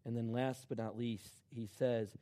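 A middle-aged man preaching a sermon, dropping to a hush and then rising to loud, emphatic shouts. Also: mid-range voice, little pitch movement, moderate pace. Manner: swings from hushed to shouting in acted quotes. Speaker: pastor.

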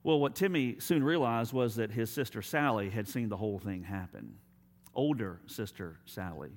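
A man preaching a sermon as pastor, telling stories and dropping to quiet, emphatic appeals. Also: fairly low pitch, animated, normal speed.

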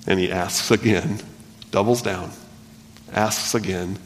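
A man preaching a sermon, earnest and repetitive, swinging between loud emphasis and hushed delivery. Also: low voice, fairly even intonation, slow pace, long pauses, slight background noise. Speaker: pastor. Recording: long hall reverb.

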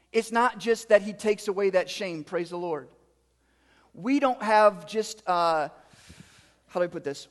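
A man with a high voice delivers a sermon, moving from scripture reading into explanation. He drives his points home through repeated, emphatic phrases. His voice carries a long reverberant tail, as in a large hall. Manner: reads scripture then preaches with rising emphatic repetition. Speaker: pastor.

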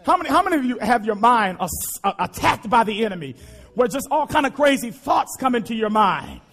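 A male pastor preaching a sermon, impassioned and repetitive, often shouting to the congregation. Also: very high voice, sing-song, fairly quick, gravelly.

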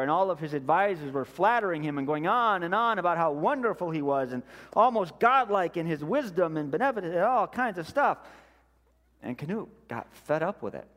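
A male pastor preaching a sermon in a slow, deliberate way, letting his voice drop softly on key words. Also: on the high side, long reverb tail.

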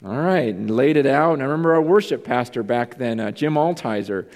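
A man's voice: medium pitch, animated, fairly quick, a little mellow. A man preaching a sermon as pastor, earnest and confessional, questioning himself aloud. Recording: long reverb in a large hall.

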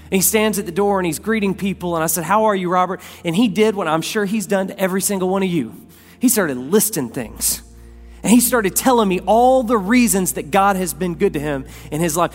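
A man preaching a sermon as pastor, swinging from loud, raised lines down to quiet, soft ones. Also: sits high, animated, normal speed, soft background music. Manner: dynamic preacher, rising loud then dropping soft. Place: church sanctuary. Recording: long hall reverb.

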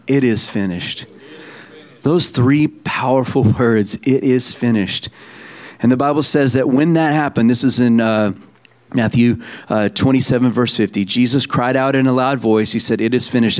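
A middle-aged man preaching a sermon in a conversational way, with frequent restarts and quick asides to the congregation. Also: mid-range voice. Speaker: pastor.

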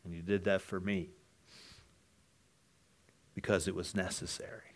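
Slow, earnest male preacher. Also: little pitch movement. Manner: earnest, swings from low hushed lines to loud emphatic ones. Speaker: pastor. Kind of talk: sermon.

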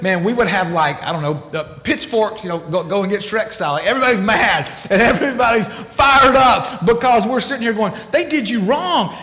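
High-voiced preacher in an echoing hall. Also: male voice. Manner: animated, emphatic preaching with acted-out quotes. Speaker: pastor. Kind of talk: sermon. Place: large church hall. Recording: echoey hall with long reverb.

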